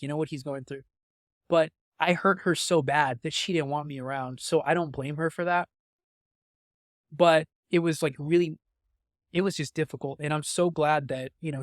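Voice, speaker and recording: As a podcast guest, a young man with a slightly high voice shares a candid personal story, visibly moved and emotional. His speech is halting, full of restarts and fillers, and the recording is dry and close with no room sound.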